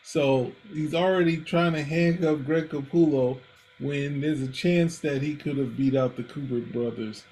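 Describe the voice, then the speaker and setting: A man's voice: on the high side, steady tone, unhurried, darkish tone, slight background noise, low-quality recording. A man co-hosting a comics talk show, rambling with frequent restarts and acting out quotes in casual chat. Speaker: comics podcast co-host.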